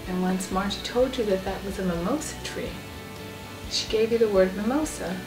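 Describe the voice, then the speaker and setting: Woman, casual family storytelling, animated, off-mic, roomy echo, music behind. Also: moderate pace, distant mic. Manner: animated, acts out quotes in a high voice. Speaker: family member telling stories.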